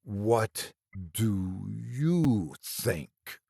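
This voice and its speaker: A man voicing a taunting inhuman creature in a horror story, speaking in slow, broken, rasping phrases with a hiss and wheeze. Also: fairly low pitch, very animated, warm tone, dry recording, clean studio sound, heavily acted. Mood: menacing.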